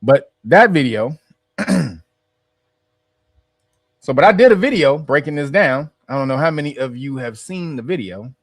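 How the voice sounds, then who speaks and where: A man's voice: mid-range voice, animated, measured pace, long pauses, no echo, clean studio sound. A man hosting a casual commentary, rambling and restarting his phrases as he explains. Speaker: host.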